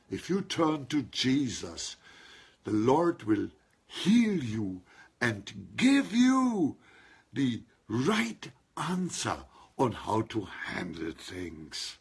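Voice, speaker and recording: Slow, husky-voiced male preacher. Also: mid-range voice. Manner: emphatic, calls on listeners to respond; stretches and stresses single words. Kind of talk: sermon.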